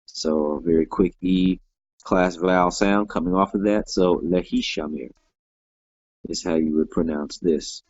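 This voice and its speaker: Deep-voiced guy slowly teaching a grammar class, patient, keeps saying all right, kinda dull dry recording. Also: fairly even intonation, a little mellow, no room sound. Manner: patient, explains step by step, many "all right" fillers. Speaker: Hebrew teacher.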